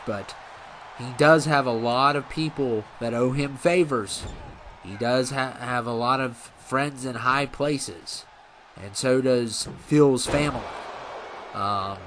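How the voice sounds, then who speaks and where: A man's voice: medium pitch, a bit bright, a little hiss or hum. A man giving casual, rambling commentary on a video game wrestling series, often correcting himself as he goes. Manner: rambling, self-correcting, laid-back.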